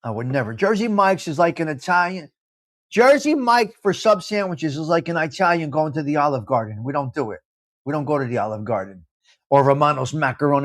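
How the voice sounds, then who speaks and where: A New York-accented man hosts a casual live chat, blunt and full of opinions. He talks in an animated way, repeats himself for emphasis, and slips Italian phrases into his talk. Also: high voice, moderate pace. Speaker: live show host.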